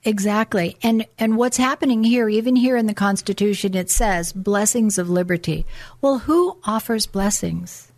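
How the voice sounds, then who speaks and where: A woman's voice: medium pitch, normal speed, a little mellow. Earnest middle-aged woman preaching. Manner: earnest, preachy, reads documents aloud. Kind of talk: religious political talk show.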